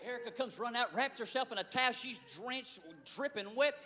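Male preacher, high pitch, sharp bright tone, storytelling sermon. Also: fairly quick, slight background noise. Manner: storytelling, building to shouted preaching.

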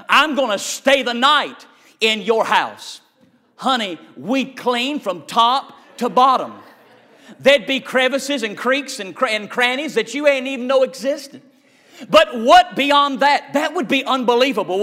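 A man preaching a sermon, folksy and rhythmic, building to shouted, chanted peaks. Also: extremely high pitch. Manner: folksy, calls listeners honey.

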